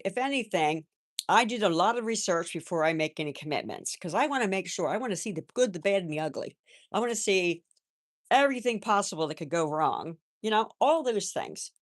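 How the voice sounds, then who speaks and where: An older woman hosting a live stream, chatting in a gentle, rambling way and answering viewers' comments. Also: lowish voice, no room sound, studio quality. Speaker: livestream host. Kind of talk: casual live-chat talk.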